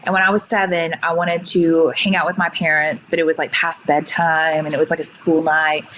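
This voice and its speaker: A young woman telling her own story in casual chat, full of "like" fillers and quick retellings. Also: deep voice, flat delivery, fairly bright tone, slight background noise, poor audio. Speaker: guest sharing her story.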